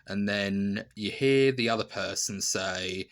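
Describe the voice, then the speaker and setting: A man giving a casual spoken review, rambling with lots of filler and animated storytelling. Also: lowish voice, slow, few pauses. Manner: rambling, full of "you know" and "literally". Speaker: video reviewer.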